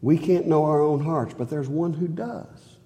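A man delivers a sermon in a church, his voice mellow and warm yet pitched a little high for a man. He is earnest, lifting sharply on key phrases and sinking low and soft on others. The sound carries a long reverb from the hall. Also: unhurried. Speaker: preacher.

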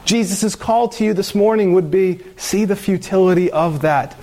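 Male pastor, higher-pitched, earnest sermon delivery with fervent exhortation. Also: moderate pace, few pauses, warm tone.

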